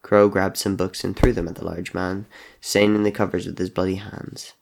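A man narrates an audio drama in steady, measured sentences. His voice sits low with a gravelly edge. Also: slight background noise.

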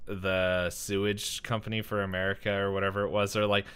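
A man's voice: lowish voice, flat delivery, fairly quick, hardly any pauses, fairly bright tone, smooth. A young man hosting a casual podcast chat, rambling with lots of fillers and frequent laughs. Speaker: podcast host.

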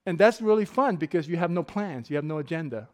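A man's voice: on the high side, expressive, quick pace, darkish tone. A middle-aged man giving a casual sermon full of personal stories, joking and laughing often. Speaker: pastor.

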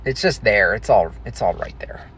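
A man's voice: lowish voice, expressive, normal speed, a bit bright, breathy edge. A man chatting casually, rambling and joking irreverently as he reacts to comments. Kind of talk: casual chat.

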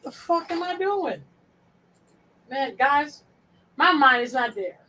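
Speaking slowly in a high-pitched, animated, sharp voice, this woman co-hosts a podcast and sorts files on screen as they chat. She's blunt and profane, muttering to herself, and the recording quality is low.

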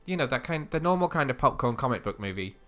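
A man's voice: mid-range voice, lively intonation, fast talker, fairly bright tone. A man co-hosting a casual comic book podcast, chatty and teasing, often laughing. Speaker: podcast co-host.

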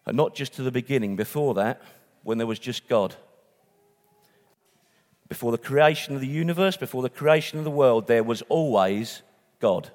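A man's voice: medium pitch, normal speed, long pauses, darkish tone, long reverb tail. A man preaching a sermon in a conversational way, with restarts and asides.

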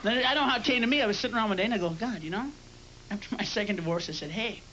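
A man's voice: high-pitched, lively intonation, rapid-fire, sharp tone, slight background noise. A male stand-up comedian performing live on a club stage, with profane, explosive screaming outbursts. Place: comedy club stage before a loud audience. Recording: lo-fi live club recording, roaring crowd.

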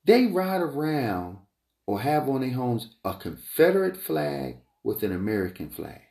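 Gravelly man ranting in an echoey room. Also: sing-song, measured pace, a little mellow. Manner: emphatic, repetitive, goes off on tangents; voice climbs high when heated. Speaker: entrepreneur vlogger. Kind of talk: rambling opinion monologue. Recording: roomy echo.

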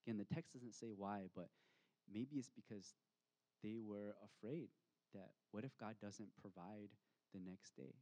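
A man preaching a sermon as pastor, reflective, reading scripture aloud with slow, emphatic pauses. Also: lowish voice, mellow.

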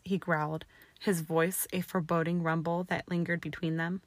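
A woman narrating a fan fiction story aloud in a steady, expressive way. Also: on the low side, fairly quick, no echo.

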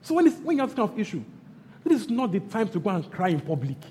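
A man with a Nigerian accent preaching a sermon as pastor, repeating his phrases and swinging between loud bursts and hushed lines. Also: sits high, very animated, fast talker, slight background noise. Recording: long hall reverb, faint background ambience.

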